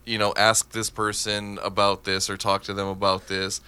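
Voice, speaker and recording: Man, podcast host, casual chat, bright tone, smooth clear voice. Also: lowish voice, flat delivery, moderate pace, no echo. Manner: rambling, laughs often, restarts.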